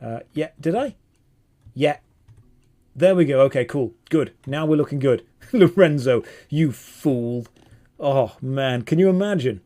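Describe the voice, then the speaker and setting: Animated streamer, mellow voice. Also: male voice, fairly high pitch, a little slow. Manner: animated, self-mocking, jumps between chat and gameplay. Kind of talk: casual live-stream chat while gaming.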